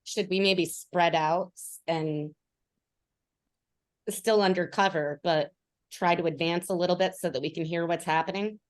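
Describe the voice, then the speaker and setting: Woman player, video call, slow and hesitant, lots of "um". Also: lowish voice, fairly even intonation. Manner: hesitant, full of fillers. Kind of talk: casual tabletop game play.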